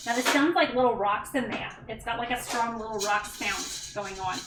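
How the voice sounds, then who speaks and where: A woman who livestreams and is a mother cooks at home while chatting easily with her audience, thanking people by name and making fun of herself. Her fairly high voice keeps a moderate pace, recorded from a distance and a bit off-mic in an echoey kitchen with background noise.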